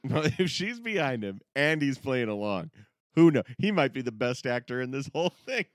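A man's voice: mid-range voice, big pitch swings, moderate pace, no echo, clean studio sound. A man co-hosting a podcast, riffing and laughing through a casual film review. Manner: jokey, laughs often, stammers. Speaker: podcast co-host.

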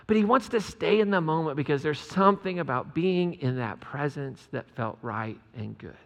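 A man's voice: sits high, expressive, a little fast, few pauses, a bit bright, big-room sound. A man preaching a conversational sermon, joking with the congregation in chatty asides. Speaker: pastor.

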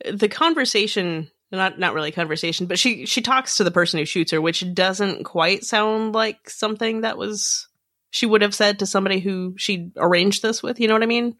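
A woman's voice: mid-range voice, moderate pace, fairly bright tone, dry recording, clean studio sound. A woman co-hosting a podcast in casual chat, speculating and hedging as she thinks aloud. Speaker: podcast co-host.

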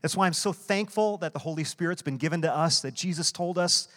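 A man's voice: fairly high pitch, fairly quick, fairly bright tone. A man preaching a sermon, explaining scripture earnestly and asking rhetorical questions. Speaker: guest preacher. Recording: long hall reverb.

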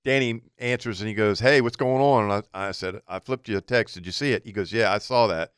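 A man's voice: on the low side, a little fast, clear, resonant tone, dry recording, studio quality. A man co-hosting a radio talk show, telling a long story in a casual way and acting out what people said. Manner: animated anecdote teller acting out quotes.

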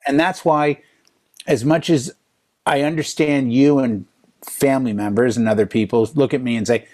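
A man in his fifties, a DJ, telling a string of stories in a relaxed chat. His pitch sits in a middle range, and he gets animated as he acts out what other people said. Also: normal speed. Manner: animated storyteller, voices other people's lines in quotes. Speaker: DJ and podcast co-host. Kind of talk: casual chat.

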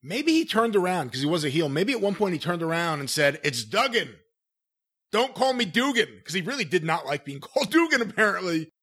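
A man's voice: high-pitched, sing-song, fast, hardly any pauses, fairly bright tone. A man hosting a casual commentary chat, leading the talk and cueing clips. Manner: leads the talk, cues clips. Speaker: podcast host.

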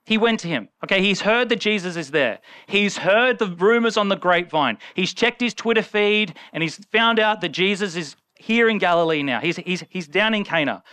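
Bright, crisp-voiced male preacher. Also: high voice, expressive, normal speed, few pauses, dry recording. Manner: conversational, acts out the people in the story. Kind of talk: sermon.

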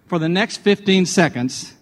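A man's voice: high voice, moderate pace, in a large hall. A man hosting a radio devotional, telling personal anecdotes in a chatty way before drawing a sermon point. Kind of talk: conversational devotional storytelling.

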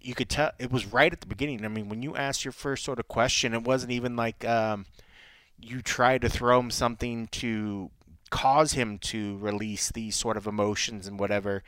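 A man's voice: medium pitch, steady tone, moderate pace, a bit bright, smooth, no echo. A man co-hosting a podcast, chatting loosely, acting out little quotes and laughing easily. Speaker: podcast co-host. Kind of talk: casual podcast chat.

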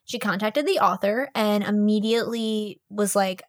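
A woman co-hosting a podcast, reviewing an audiobook in casual, fast chat full of "like" fillers. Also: medium pitch, dry recording, studio quality. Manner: chatty, fast, lots of "like" fillers.

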